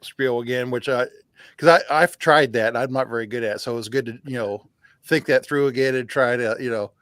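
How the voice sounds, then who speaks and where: Male co-host, relaxed chat, halting recall, dry close mic. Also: mid-range voice, dry recording. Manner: halting, restarts often while recalling details. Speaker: podcast co-host. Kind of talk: casual bourbon chat.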